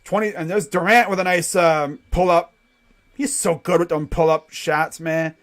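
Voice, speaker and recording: A man streaming casual play-by-play commentary on a basketball game, jumping between quick excited calls and rambling, jokey asides. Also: a little high. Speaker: live reaction play-by-play streamer.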